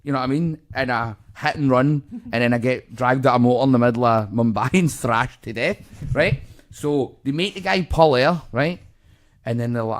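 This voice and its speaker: A man's voice: mid-range voice, lively intonation, fairly quick. A Scottish man, co-host of a comedy podcast, telling a story in casual chat, swearing a lot and acting out the voices of the people in it.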